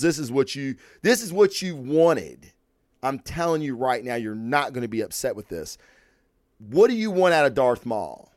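Profane, excitable man reviewing comics. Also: mid-range voice, no room sound, studio quality. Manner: excitable, profane, repeats himself when worked up. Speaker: comic podcast host. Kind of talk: casual comic review rant.

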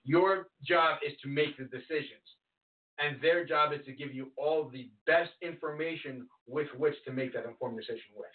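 A man's voice: a little high, moderate pace. Man heard from afar on a tinny line. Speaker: podcast co-host. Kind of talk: casual political chat. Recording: distant, phone-like lo-fi line.

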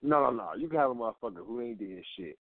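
A man's voice: medium pitch, lively intonation, quick pace, no room sound. A man hosting a casual, profane rant, blunt and repetitive, firing rhetorical questions at the things he hates. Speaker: host of a rant show. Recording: dry, tinny phone-like sound.

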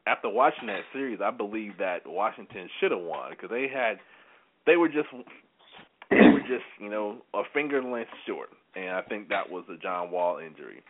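A man from Dallas giving his take in a casual sports chat, measured and matter-of-fact. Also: on the low side, expressive. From Dallas, Texas. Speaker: co-host. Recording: tinny phone line with faint hiss.

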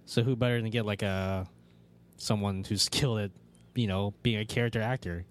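A man's voice: fairly low pitch, fairly even intonation, moderate pace. A young man co-hosting a casual podcast, talking animatedly with many fillers and casual swearing. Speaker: podcast co-host. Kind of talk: casual chat.

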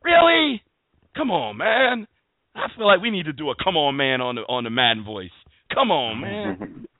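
A man's voice: medium pitch, expressive, a little fast, dry recording. A man hosting a sports talk show, ranting emphatically about football. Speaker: show host. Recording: dry phone-like line.

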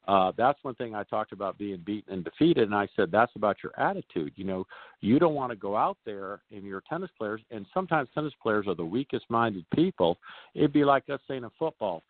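A male tennis coach, a guest on a radio show, telling stories in a folksy, animated way and acting out the players he quotes. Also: lowish voice, fairly quick, no echo. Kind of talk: radio interview storytelling. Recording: dry tinny phone line.

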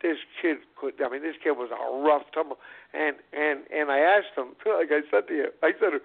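Gravelly-voiced man telling stories over a phone line. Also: fairly high pitch, moderate pace. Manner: rambling, repeats words, acts out dialogue. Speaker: interview guest, former boxer. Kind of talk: storytelling on a call-in talk show.

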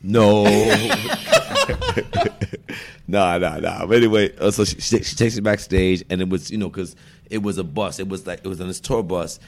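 A man telling stories as a podcast guest in a bar, animated, laughing often and swearing freely. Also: deep voice, normal speed, slight background noise. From Brooklyn, New York. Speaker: guest actor. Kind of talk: casual podcast storytelling.

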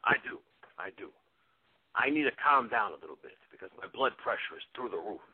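A man impersonating an excitable aging male movie star, with a husky voice that erupts into shouted exclamations. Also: lowish voice, a little fast. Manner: bursts into sudden shouted exclamations. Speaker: guest impressionist. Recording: tinny phone line.

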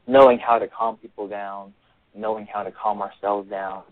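Over a tinny phone line, an author appears as a radio interview guest, his fairly low voice carrying no echo. He explains things earnestly, circling back to repeat his phrases.

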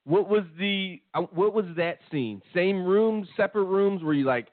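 A man co-hosts a podcast in loose, profane chat, full of mocking asides. His pitch swings widely as he talks. The line is dry and tinny, like a phone call. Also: lively intonation, normal speed, no room sound. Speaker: podcast co-host. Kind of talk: casual chat.

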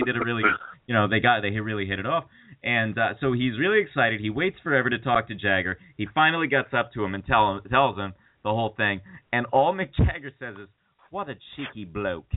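Man telling rambling stories on a tinny line. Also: medium pitch. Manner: rambling, animated storytelling with quoted voices. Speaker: podcast host. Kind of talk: casual chat, storytelling. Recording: tinny phone-like sound.

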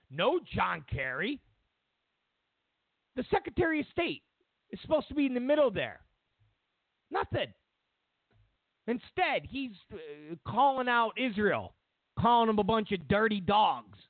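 Male talk host, sarcastic rant, lively high voice, tinny phone-like sound. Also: measured pace, long pauses, no echo. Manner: sarcastic, mocking, ranting. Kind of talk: political commentary monologue.

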